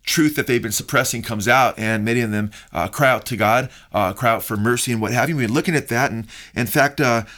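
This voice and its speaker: A middle-aged male radio host and pastor talks in an earnest, sermon-like way. His voice sits at an ordinary middle pitch. He leans on fillers and pushes higher and louder when he stresses a point. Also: fairly quick, hardly any pauses. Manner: earnest preaching tone with many fillers, rising when quoting. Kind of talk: radio talk show monologue.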